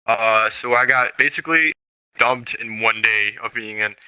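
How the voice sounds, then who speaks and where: Bright, crisp-voiced young man ranting. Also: mid-range voice, unhurried, no echo, lo-fi sound. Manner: rambling, profane, self-interrupting. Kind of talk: casual storytelling. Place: virtual reality social game.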